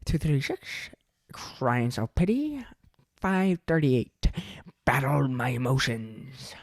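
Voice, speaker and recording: A grumpy, self-pitying green creature, as a man puts him on mutters in a slow, brooding way. The voice is quiet and sometimes sounds a little distant from the mic. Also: medium pitch, expressive, no echo.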